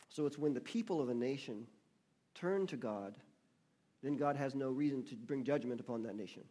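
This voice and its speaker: A man preaching a sermon to his congregation, reading scripture slowly and with emphasis and asking the room for responses. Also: mid-range voice, dark tone, breathy edge. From United States. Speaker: pastor. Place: church.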